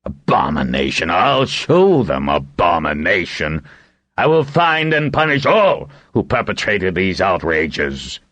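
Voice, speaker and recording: A gruff middle-aged lord, as a narrator puts him on, barking orders in a raised, lively voice. His blustering indignance colors every command in this storybook reading, set against a dry, close sound. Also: sits low, moderate pace, no echo.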